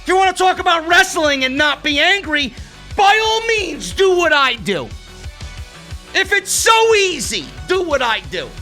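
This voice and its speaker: A brash man rants through a livestream wrestling review and swears freely. His voice is bright and high for a man. It leaps up and down with a lot of animation over faint background music. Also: sing-song, unhurried. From New York. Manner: profane, ranting, brash. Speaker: wrestling show reviewer, podcast host. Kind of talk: livestream rant, casual chat.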